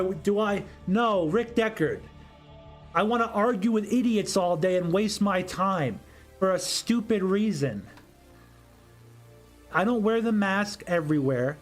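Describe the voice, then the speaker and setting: Alone on a political commentary livestream, a man argues and rambles through his replies to chat, frequently saying the same things again. His voice sits high.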